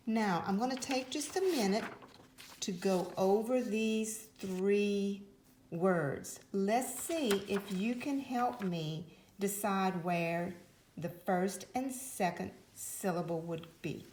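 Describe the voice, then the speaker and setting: A woman leads a phonics lesson for young children, speaking slowly and clearly. She sounds encouraging and sets out each step with care. Her voice carries a roomy echo. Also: mid-range voice, darkish tone. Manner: slow, clear, encouraging teacher voice. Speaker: teacher.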